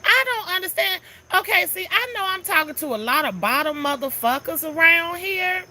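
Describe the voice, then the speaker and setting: A woman's voice: very high-pitched, lively intonation, normal speed, sharp tone. A woman chatting casually on a live stream, greeting viewers one by one in a sassy, talkative way.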